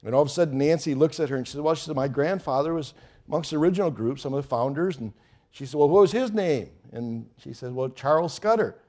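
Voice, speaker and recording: A middle-aged pastor preaches to his congregation and tells a story that picks up in excitement. His voice is warm and mellow, and it sits at an ordinary pitch for a man. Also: quick pace. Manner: storytelling, animated with rising excitement. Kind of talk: sermon.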